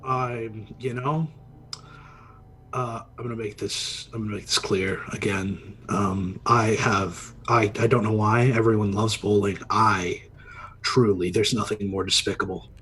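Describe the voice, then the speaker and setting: A man's voice: lowish voice, fairly even intonation, unhurried, fairly bright tone, a little hiss or hum. A man playing a tabletop game in character, wry and laid-back. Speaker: player.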